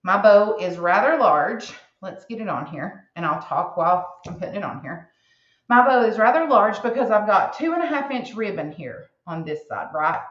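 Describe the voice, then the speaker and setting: Middle-aged woman craft instructor, chatty and folksy, mid-pitched, echoey dull room sound. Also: lively intonation, moderate pace. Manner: chatty, rambling, folksy, says "hon" and "right?". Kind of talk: casual craft demonstration.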